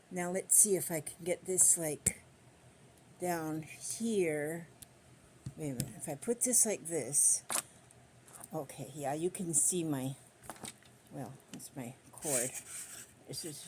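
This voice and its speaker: An older woman talks on her quilting vlog, rambling and folksy with loose country grammar. Her voice sits a bit low. The recording is made on a phone on a stand, with a faint hiss of background noise. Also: takes it slowly, pauses often. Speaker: quilting vlogger. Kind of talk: casual chat while sewing.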